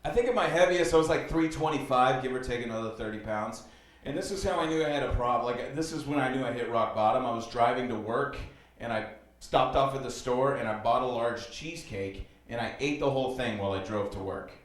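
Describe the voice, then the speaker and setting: A man performing a stand-up comedy set on a club stage, rambling loosely with many fillers and telling dark jokes flatly. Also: mid-range voice, a little fast. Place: comedy club stage before a live audience. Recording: roomy club sound, distant mic.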